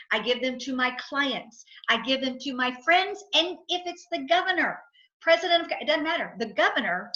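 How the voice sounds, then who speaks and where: A woman's voice: a little high, pushed and bright, muffled recording. A middle-aged woman, a guest in an interview, speaking emphatically and repeating her points for effect as she tells stories. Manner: emphatic, repetitive, storytelling with acted quotes. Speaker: guest, financial advisor and entrepreneur. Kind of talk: enthusiastic interview talk.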